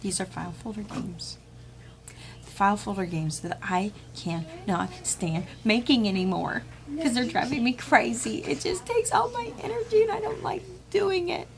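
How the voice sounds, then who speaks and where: A middle-aged woman with a fairly high voice and vocal fry vlogs at home at a normal pace, chatting about a haul of homeschool books she picked up. She's chatty and animated, acting out the people she quotes with laughs and whispers. The background is noisy, with children nearby in the room.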